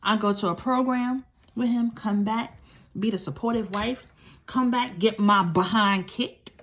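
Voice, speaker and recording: A woman's voice: mid-range voice, a little slow, a bit bright. Emphatic woman telling a hard personal story. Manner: emphatic, repeats key phrases, talks straight to listeners. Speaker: domestic violence survivor sharing her story. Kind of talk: candid storytelling to camera.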